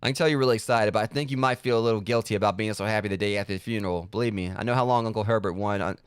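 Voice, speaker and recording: A man voicing a middle-aged dad writing a fond letter to his son, in a slow, folksy, cartoonish sitcom-dad manner. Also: lowish voice, clear, resonant tone, no echo, clean studio sound, lightly acted. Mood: fond, fatherly.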